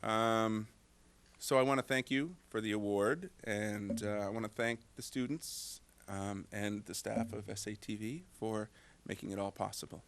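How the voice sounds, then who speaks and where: A man with a low, gravelly voice gives halting thanks, pausing on fillers. Faint noise sits behind him. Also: fairly even intonation. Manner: hesitant, lots of fillers. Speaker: award recipient. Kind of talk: acceptance speech. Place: TV studio event.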